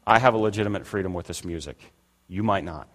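With a deep, fairly bright voice and quick delivery, an older man preaches as pastor in a conversational style, acting out the voices of those he quotes. The church sanctuary gives a long, hall-like reverb.

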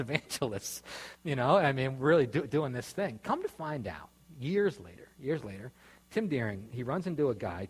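A man's voice: medium pitch, slightly rough. A man, a pastor, telling a long personal story in a loose, rambling way, full of fillers and restarts. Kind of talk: storytelling sermon talk. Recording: reverberant hall.

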